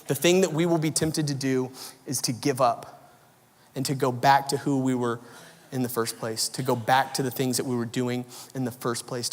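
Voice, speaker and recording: A man preaching a sermon as pastor, telling a story with animated swings between loud bursts and quiet, low lines. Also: in a large hall. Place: large church auditorium.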